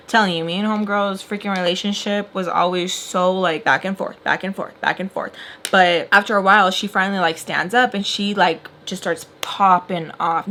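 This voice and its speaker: A woman's voice: medium pitch, moderate pace. Casual storytime: chatty young woman, lots of "like", close camera mic, faint hiss. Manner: chatty, animated retelling with filler "like". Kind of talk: casual storytime while doing makeup.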